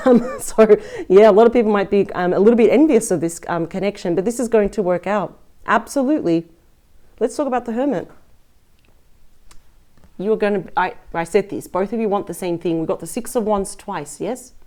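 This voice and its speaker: A woman's voice: mid-range voice, moderate pace, dark tone. A woman giving a casual, effusive and chatty tarot reading as the host of her channel. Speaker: tarot reader.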